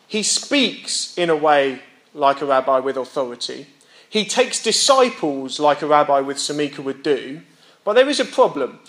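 A young preacher delivers a sermon, reading scripture aloud, explaining it in plain terms, checking in with listeners and posing rhetorical questions. His slightly high, somewhat bright voice is very animated at a normal speed.

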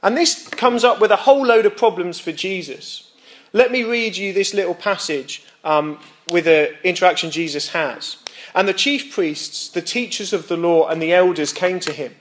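A man's voice: high voice, moderate pace, fairly bright tone, a little hiss or hum. A young man giving a sermon. He reads scripture aloud, explains it plainly, checks in with his listeners and voices rhetorical questions. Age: young adult. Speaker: preacher.

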